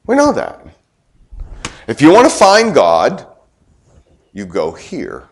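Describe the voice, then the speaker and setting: A man's voice: mid-range voice, huge pitch swings, takes it slowly. A middle-aged man preaching a sermon in a conversational way, firing rhetorical questions at the congregation and tossing in joking asides. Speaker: pastor.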